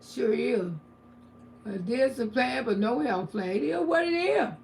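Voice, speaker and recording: An older woman holds forth on a livestream, reading chat and preaching her views bluntly. Her voice sits high and has a gravelly rasp. She often swells from a low mutter into loud shouting. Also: animated, measured pace, slight background noise. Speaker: livestream host.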